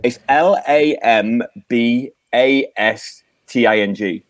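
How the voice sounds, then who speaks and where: A man chatting on a podcast, open and unguarded, with plenty of swearing and little restarts. His voice sits at an ordinary pitch. It is recorded close and dry, with no room sound. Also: slow, no echo. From Yorkshire, England. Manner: candid, swears freely, repeats words when starting. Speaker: podcast guest. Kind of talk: casual chat.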